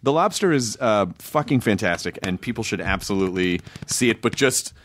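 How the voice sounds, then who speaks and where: A man's voice: on the low side, animated, brisk, no echo. A man in his forties hosting a casual podcast interview, playful and jokey. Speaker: podcast host.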